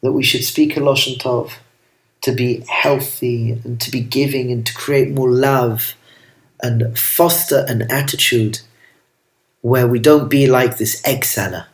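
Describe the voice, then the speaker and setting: A man, a rabbi, telling a family story as a gentle, affectionate sermon that mixes in Hebrew and Yiddish terms. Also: medium pitch, steady tone, measured pace. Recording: roomy echo.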